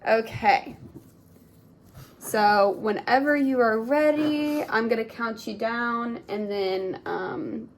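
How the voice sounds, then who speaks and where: A woman's voice: on the high side, slow pace, hardly any pauses, slight background noise. A young woman giving a clinical exam, giving polite step-by-step instructions and often saying "awesome". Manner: polite, encouraging, repeats "awesome". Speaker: speech therapy student examiner.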